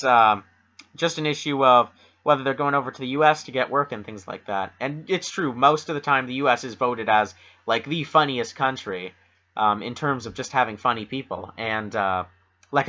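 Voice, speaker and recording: A man's voice: medium pitch, bright, forceful tone. A young man from Canada co-hosting a casual podcast, chatty and opinionated with lots of fillers. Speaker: podcast co-host. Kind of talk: casual chat. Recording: dull lo-fi home recording.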